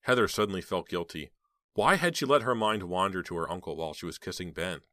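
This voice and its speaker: A man narrates an audiobook in a low-sitting voice, telling the story in a steady, measured way. The recording is dry and clean, with studio quality.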